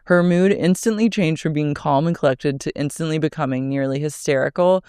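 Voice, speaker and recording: Woman podcaster with a smooth, clean voice. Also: a little fast, mellow, dry recording, studio quality. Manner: reads excerpts aloud, mimics people in a high voice, laughs often. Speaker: podcast co-host. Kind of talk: casual chat, recapping a reality show.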